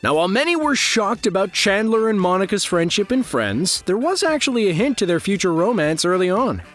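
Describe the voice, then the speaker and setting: A man giving scripted narration for an online countdown video, with a lively, animated delivery. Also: high-pitched, a little fast. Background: faint background music.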